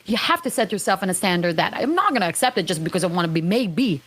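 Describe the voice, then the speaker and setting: A woman, a streamer and actress guesting on a podcast, talking in a lively, expressive way. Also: fairly low pitch, fast. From Philippines. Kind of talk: casual interview chat.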